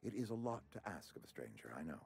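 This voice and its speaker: A man's voice: low voice, big pitch swings, fast talker, vocal fry, a little mellow, full character voice. A man voicing a pompous middle-aged outpost administrator in a video game, who talks in a formal, fussy and ingratiating way. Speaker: game character.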